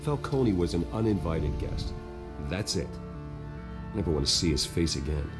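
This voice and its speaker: Bruce Wayne, deep and composed. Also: male voice, expressive, normal speed, over music. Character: calm, composed wealthy young man. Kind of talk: video game voice acting.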